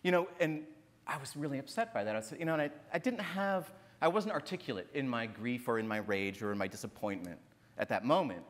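A man's voice: mid-range voice, a little fast. Man telling a story in a reverberant hall. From northern Minnesota, USA. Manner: earnest, emphatic, repeats phrases and tags "right?". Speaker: author speaking at a literary festival. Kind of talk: on-stage conversation, personal storytelling. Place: large hall on stage.

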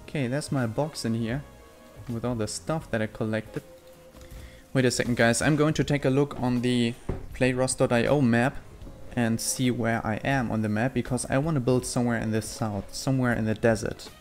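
A man casually commenting on his own survival gameplay, talking plainly about his plans and moves into a close desk microphone. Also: medium pitch. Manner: excitable, swears a lot when fighting; calm, chatty explaining. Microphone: desk mic close up.

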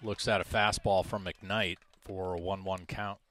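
Male play-by-play caller for school baseball, slow and steady, low register, reads numbers. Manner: measured, stat-heavy, self-deprecating asides. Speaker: play-by-play announcer. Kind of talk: high school baseball commentary.

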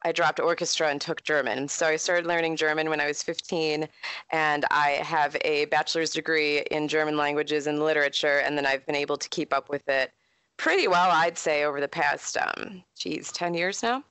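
A woman, speaking as an author and historian in a casual interview. Her voice sits a little low, and she talks in a chatty, animated way. The sound is dry and close, with no room echo. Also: moderate pace, smooth. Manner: chatty, animated storyteller with frequent laughs.

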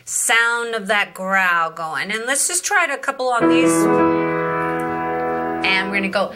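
A woman's voice: medium pitch, animated, unhurried, over loud music. A woman vocal coach teaching growling and screaming, demonstrating each sound and praising the student. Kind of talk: scripted vocal lesson.

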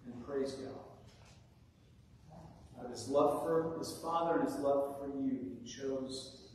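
A man preaching a sermon as pastor, with rhetorical questions and dramatic pauses, in a church sanctuary. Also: mid-range voice, darkish tone, slight background noise. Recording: echoey hall from far off.

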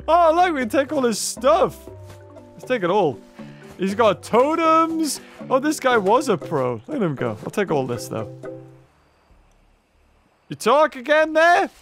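A man giving excitable gameplay commentary, laughing often and yelping at jump scares. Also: extremely high pitch, slow, long pauses, soft background music. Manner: excitable, laughs a lot, yelps and shouts at scares. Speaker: gaming YouTuber.

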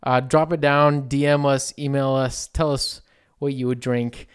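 This podcast co-host is a man with a medium-pitched, smooth voice and a slightly slow delivery. He chats casually and relaxed, laughing easily and using lots of fillers.

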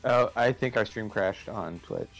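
A man's voice: on the low side, measured pace, gravelly, a bit bright, soft background music. A man with a nasal, slightly lispy voice, co-hosting a game stream with crude, sarcastic jokes. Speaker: stream co-host. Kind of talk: casual gaming chat.

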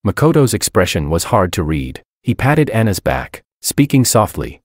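A man giving expressive, scripted first-person story narration into a close studio mic. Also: lowish voice, moderate pace, few pauses, no room sound.

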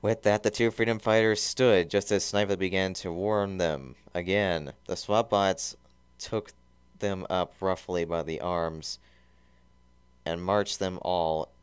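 Deep voiced guy reading fanfic out loud, mock serious, super clean dry close mic. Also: fairly even intonation, slow, clean tone, dry recording. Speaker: story reader. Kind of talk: reading fan fiction aloud.

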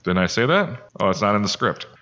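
A man's voice: fairly low pitch, sing-song, fairly quick, bright, forceful tone, lo-fi sound. A man co-hosting a podcast in casual chat, reading sponsor notes with playful teasing. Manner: playful, reads sponsor lines. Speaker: podcast co-host. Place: pizza restaurant.

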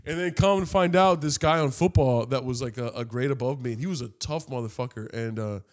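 A young man co-hosting a podcast, talking at a middle pitch. He tells rambling stories with plenty of profanity. He acts out the other people in them and laughs at his own jokes. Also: fairly quick. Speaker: podcast co-host. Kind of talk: casual storytelling chat.

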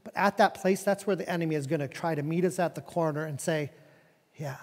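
A high-voiced male pastor preaches in an animated, conversational way and often doubles back on his words. His voice rings with the long reverb of a church hall. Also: fast. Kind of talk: sermon. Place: church sanctuary.

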